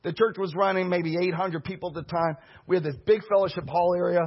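A middle-aged man preaching a storytelling sermon as pastor, animated and bursting into shouts. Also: sits high, fast, husky. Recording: dull lo-fi recording.

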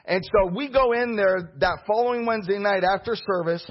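A middle-aged man preaching a storytelling sermon as pastor, animated and bursting into shouts. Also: sits high, fairly quick. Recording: dull lo-fi recording.

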